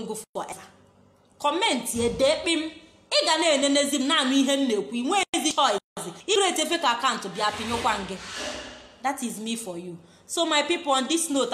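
A woman's voice: a little high, fairly bright tone, a little hiss or hum. A woman with a Nigerian accent hosting a live-stream talk show, outspoken and switching between languages. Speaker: host. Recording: echoey room.

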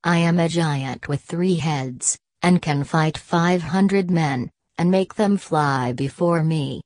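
Rich: a huge, boastful three-headed giant from a storybook, as a woman reads him, low and unhurried. The sound is dry and close. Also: darkish tone, no room sound.

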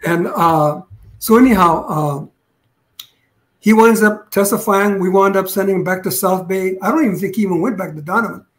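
A man's voice: sits high, normal speed. An older man, a retired police detective, telling a long story in a casual interview, rambling with restarts and acting out what others said. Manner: rambling, restarts, acts out quotes.

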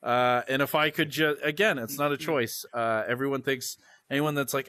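A man's voice: mid-range voice, steady tone, normal speed, sharp tone, dry recording. A man doing a crude, rambling stand-up rant at home, swearing constantly and laughing at his own jokes. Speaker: comedian. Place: at home, indoors.

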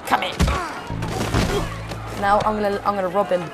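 Excitable gamer, fairly high voice. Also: male voice, moderate pace. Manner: excitable, shouty, laughing commentary. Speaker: gaming YouTuber. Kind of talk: let's play commentary. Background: loud game music and sounds.

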